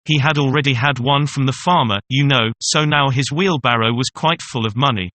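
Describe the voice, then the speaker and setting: A man narrating a fairy tale in a measured, even storytelling manner. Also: medium pitch.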